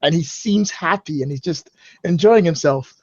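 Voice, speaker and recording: A man playing in a tabletop game, softly describing what his character does. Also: a little high, moderate pace, no room sound, lo-fi sound. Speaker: player.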